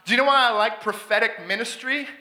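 Guy preaching in a church, really bright high voice, keeps restarting, room echo. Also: quick pace. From Canada. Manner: excited storytelling, many restarts, laughs often. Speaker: guest preacher. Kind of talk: sermon. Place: church sanctuary.

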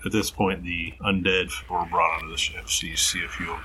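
A man's voice: deep voice, flat delivery, moderate pace, bright, forceful tone, slight background noise. A man narrating as game master in a tabletop game, casual with laughing asides.

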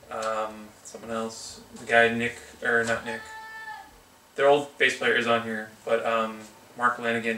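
Podcast host, male, casual and rambling, bright voice, recorded off-mic in an echoey room. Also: medium pitch. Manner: quick, rambling, swears casually. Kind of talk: casual chat. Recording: echoey room, distant mic, faint noise.

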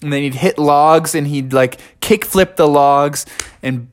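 A man's voice: a little high, a little slow. Casting: young father improvising a bedtime story, playful and loose. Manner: playful, rambling with casual slang.

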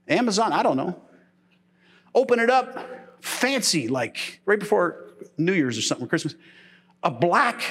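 A middle-aged man pastor preaching a humorous, animated sermon in church, telling stories and laughing as he goes. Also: a little high, creaky, slightly rough.

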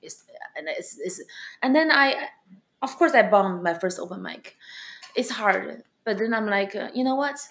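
Bright-voiced woman comedian with an accent. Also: medium pitch, normal speed, gravelly, slight background noise. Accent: non-native English accent. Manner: blunt, animated storytelling with quoted voices. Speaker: stand-up comedian, club owner. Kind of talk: casual interview answers.

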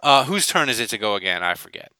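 Podcast host guy, bright voice, jokey and excitable, dry close mic. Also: on the low side, fast, dry recording. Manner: joking, excitable, many restarts. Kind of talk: casual chat.

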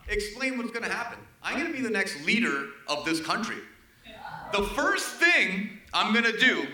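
Man, stand-up comic, high bright voice, profane crowd work, roomy echo, faint noise. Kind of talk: stand-up comedy. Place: comedy venue. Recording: echoey room, faint noise.

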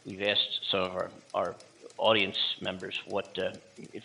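A man co-hosting a casual talk show, speaking haltingly with many fillers and restarts and laughing often. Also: low voice, monotone, creaky, sharp tone, low-quality recording. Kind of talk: casual chat.

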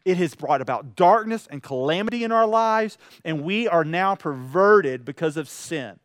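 A middle-aged male pastor delivers a sermon in a high, smooth voice. He keeps it conversational, firing rhetorical questions at the congregation and playing out small scenes. The sound is close and dry. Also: lively intonation, normal speed, no room sound. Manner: conversational preaching with rhetorical questions and acted-out anecdotes.

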